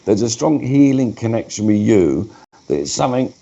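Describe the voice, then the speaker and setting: A man's voice: mid-range voice, lively intonation, moderate pace, vocal fry, mellow, dull audio. Chatty medium in his fifties. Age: 50s. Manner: chatty, breaks off mid-sentence to talk to spirits. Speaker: spiritualist medium. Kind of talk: live mediumship demonstration at a church service.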